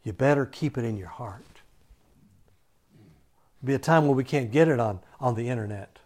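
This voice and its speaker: A man delivering a sermon, reading scripture passages and then preaching on them in his own words. He moves between loud, emphatic stretches and hushed, near-whispered lines, often restating a word two or three times to drive the point home. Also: medium pitch, moderate pace. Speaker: pastor.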